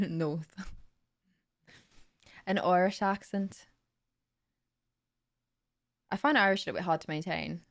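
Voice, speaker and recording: A woman's voice: fairly low pitch, steady tone, unhurried, long pauses. A young woman with a Southern English accent, chatting casually on a live stream and answering questions from chat on a desk mic at home. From south of England. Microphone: desk mic with noise gate.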